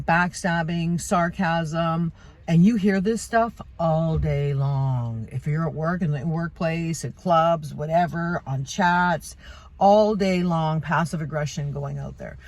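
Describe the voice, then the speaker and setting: A woman's voice: low voice, darkish tone. A middle-aged woman giving an unscripted talk on communication, conversational and emphatic, with fillers and restarts. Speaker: self-development speaker.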